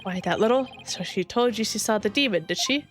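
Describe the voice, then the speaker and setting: A woman's voice: medium pitch, a little fast, close to an everyday voice. A woman reading a vain, pompous male dandy from a game in a theatrical, haughty manner. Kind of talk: fan voicing of game dialogue.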